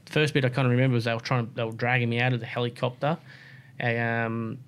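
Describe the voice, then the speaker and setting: A man's voice: medium pitch, level tone, quick pace, clear, resonant tone. An Australian man, a racer guest, telling his story in casual interview chat with lots of fillers and restarts. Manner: rambling, many fillers and restarts.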